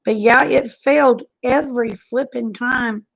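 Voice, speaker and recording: A woman's voice: on the high side, measured pace, gravelly, a bit bright, low-quality recording. A woman chatting casually on a live stream, folksy and drawling, greeting viewers by name.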